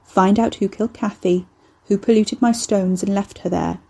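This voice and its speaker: Woman voicing a creaking, possessive house spirit. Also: mid-range voice, steady tone, moderate pace, dark tone.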